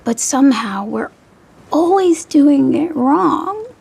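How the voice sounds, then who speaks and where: An actress playing an exasperated grown woman speaking out in a film scene, with a husky voice. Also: high-pitched, expressive, slow pace, a little mellow, full character voice. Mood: impassioned.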